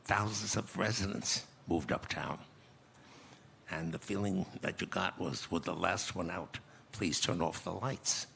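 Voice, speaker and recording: A man in his eighties telling a personal story slowly and reflectively as a guest in a conference interview, often restarting his phrases. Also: low-pitched, steady tone, gravelly, pushed and bright, slight background noise. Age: 80s. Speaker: guest speaker.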